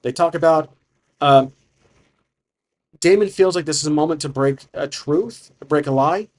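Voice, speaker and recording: A man's voice: a little high, a little slow, a little mellow. Man thinking aloud through a solo game. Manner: thinking aloud, frequent restarts. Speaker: solo game master and player. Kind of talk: narrating a solo tabletop game.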